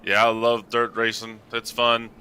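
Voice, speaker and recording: A man giving casual color commentary on a live sim dirt race, relaxed and a little halting as he explains. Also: medium pitch, clean tone.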